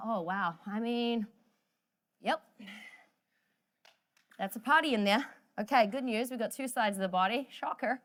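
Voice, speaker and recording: An energetic workout class is led by a woman whose voice is fairly high, animated, a bit bright, and paced normally. This fitness instructor stays upbeat, cracks jokes, encourages everyone, and counts down each set's closing seconds.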